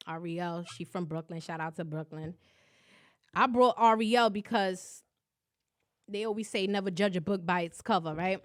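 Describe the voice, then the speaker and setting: A young woman hosting a podcast, loud and profane, laughing often in casual chat. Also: medium pitch. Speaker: podcast host.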